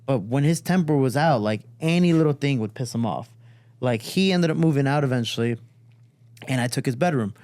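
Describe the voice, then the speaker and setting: A man's voice: medium pitch, a little fast. A man from Chicago telling a family story in casual conversation, acting out the people he quotes. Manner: animated, acts out quotes with a raised voice. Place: studio.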